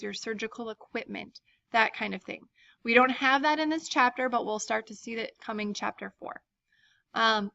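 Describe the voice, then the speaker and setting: Woman lecturer, bright gravelly voice, relaxed explainer, dull dry lo-fi recording. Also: on the high side, no room sound. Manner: casual, frequent ums, explains step by step. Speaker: teacher.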